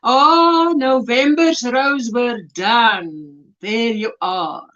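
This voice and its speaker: A woman from South Africa hosting a casual crochet livestream, chatty and animated, gushing over yarn and reading viewer comments aloud. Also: on the high side, extremely slow. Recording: dull lo-fi livestream audio.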